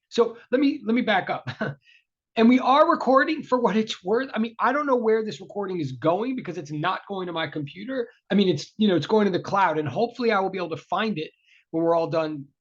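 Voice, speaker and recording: Brief: male lecturer, high voice, apologetic and chatty, tablet mic with dull lo-fi sound. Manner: apologetic, flustered, chatty, many fillers and restarts. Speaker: university lecturer. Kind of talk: casual online class opening. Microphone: tablet microphone on a video call. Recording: dull lo-fi video call audio.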